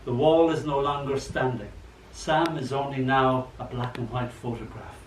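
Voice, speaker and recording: An older man reading his poems at an open mic, chatty and animated, acting out the voices in his stories. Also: mid-range voice, moderate pace. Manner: chatty, animated storyteller who acts out quotes. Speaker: poet. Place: old library room. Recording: echoey room, mic far off, faint hum.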